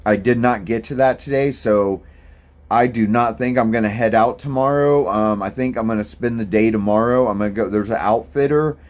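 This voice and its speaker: A man with a lowish voice speaks at a moderate pace, vlogging casually about his hike. He's a thru-hiker who rambles in an easygoing way, dropping lots of ums throughout this relaxed monologue.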